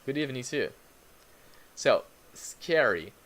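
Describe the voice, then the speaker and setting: A man's voice: medium pitch, expressive, slow pace, fairly bright tone. A man teaching English in a live online lesson, patiently repeating words for learners and greeting viewers in the chat.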